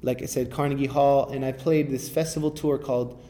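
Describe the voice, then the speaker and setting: Mellow-voiced rambling male rapper. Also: medium pitch, fairly even intonation, a little fast, slight background noise. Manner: rambling, restarts often, enthusiastic. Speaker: rapper and interview guest. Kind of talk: casual interview conversation.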